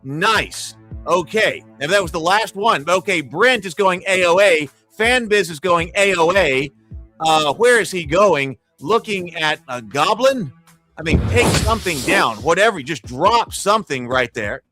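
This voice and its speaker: A man's voice: high-pitched, a little slow, soft background music. A man running a live tabletop arena battle as game master, calling hits and damage play-by-play and cheering on the dice. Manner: excitable, cheers and pleads over dice results.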